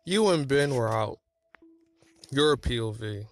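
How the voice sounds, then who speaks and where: A man reading fan fiction aloud in a plain, even way. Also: medium pitch, slow pace, soft background music. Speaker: reader.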